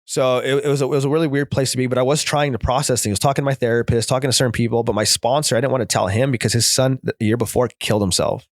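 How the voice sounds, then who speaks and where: A man, a therapist in recovery, telling his personal story as a guest in earnest, rapid present-tense bursts. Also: medium pitch, steady tone, no echo, studio quality.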